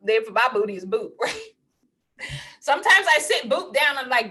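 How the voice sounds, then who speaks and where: A woman's voice: sits high, sing-song, normal speed, pauses often, bright, forceful tone, breathy edge. A woman hosting a casual spiritual livestream, laughing often as she tells playful, digressive stories. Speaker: spiritual host.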